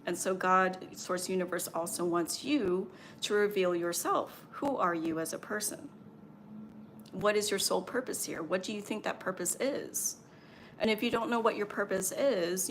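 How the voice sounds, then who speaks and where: A woman's voice: medium pitch, fairly bright tone, slight background noise. A woman who works as a spiritual medium and Reiki healer, passing on channeled messages in a meandering, reassuring livestream talk full of fillers.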